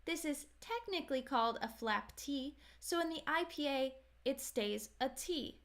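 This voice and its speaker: A woman with an American accent, her voice a little higher than most, teaches a pronunciation lesson. She speaks very slowly and over-articulates each word so learners can copy it. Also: expressive, fairly bright tone. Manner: slow, careful, over-articulated modelling of words.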